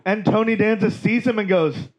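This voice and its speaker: Brief: high-voiced male comic from Georgia, lively and wry, stage mic. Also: moderate pace, highs cut off. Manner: animated, wry, profane storytelling. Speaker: stand-up comedian. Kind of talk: stand-up storytelling. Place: comedy club stage.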